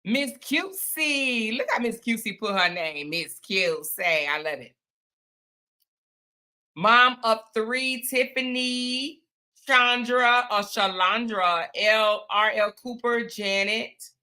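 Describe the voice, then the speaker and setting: A woman's voice: a little high, slow pace, bright, forceful tone. A woman hosting a casual livestream, chatting with viewers, greeting them by name and calling them y'all and honey. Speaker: livestream host. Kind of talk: casual live-stream chat with viewers.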